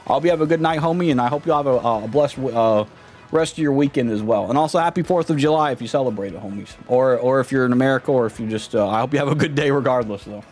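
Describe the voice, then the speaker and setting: A laid-back man chatting on a live game stream, slangy and easygoing, greeting viewers as he plays. His voice sits at an ordinary middle pitch, with faint game music behind. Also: fast talker, a little mellow. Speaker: livestreamer. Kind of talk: casual live-stream chat.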